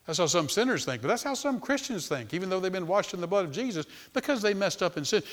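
A man preaching a sermon, swinging between loud emphasis and hushed tones, and repeating words as he speaks off the cuff. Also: high voice, big pitch swings, fast talker, few pauses.

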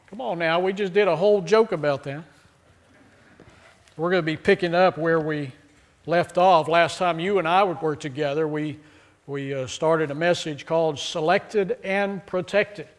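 A male pastor with a notably high-pitched voice delivers a sermon in an easygoing, joking way. He keeps prompting the congregation to answer him and repeat phrases. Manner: joking, call-and-response with congregation.

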